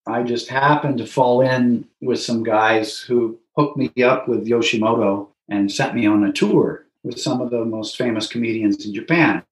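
An American man, an interview guest, telling stories in a lively, casual way. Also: mid-range voice. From United States. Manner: animated storyteller who acts out voices. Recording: roomy echo.

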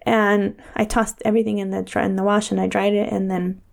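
Woman, casual storyteller, fry in the voice, exasperated retellings. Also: mid-range voice, brisk. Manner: animated storyteller, exasperated quoting. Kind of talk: casual chat.

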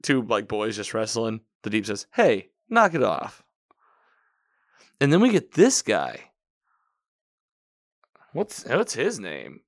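A man's voice: fairly low pitch, sing-song, slow, pauses often, no room sound, studio quality. A man casually recapping a TV episode, talking in a rambling way, correcting himself and quoting the characters as he goes.

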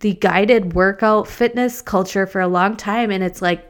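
A woman's voice: medium pitch, steady tone, moderate pace, hardly any pauses, smooth. A woman in her thirties, a mom and podcaster, in a candid, chatty talk full of "like". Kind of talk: casual chat.

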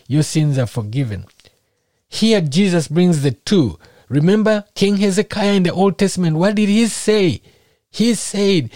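Animated conversational male preacher. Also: on the high side, no echo, studio quality. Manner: conversational, animated, acts out little scenes. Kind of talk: sermon.

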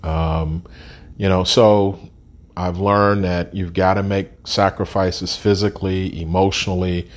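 Deep-voiced man in his sixties, candid. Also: level tone, measured pace. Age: 60s. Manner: candid, plain-spoken, with frequent ums and restarts. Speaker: interview guest. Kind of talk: reflective life story.

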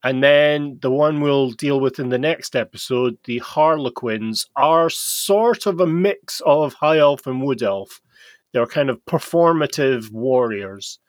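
Slow, dry-voiced man explaining lore. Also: medium pitch, dry recording. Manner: slow, explanatory storytelling with fillers. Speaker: podcast host explaining game lore. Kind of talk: casual podcast chat.

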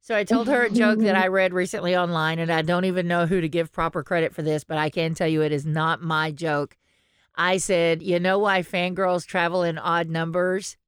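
A woman cohosting a chatty podcast, slightly low-pitched and smooth-voiced. She tells her stories with animation, curses freely and laughs often, recorded close and dry with no room sound. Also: steady tone, normal speed, dry recording. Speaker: podcast co-host. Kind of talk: casual podcast chat.

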